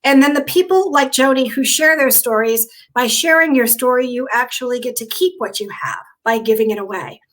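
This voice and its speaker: A woman hosting a live online show over a video call, excitable and emotional, greeting viewers by name. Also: sits high, fairly quick, few pauses. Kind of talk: casual live-stream hosting.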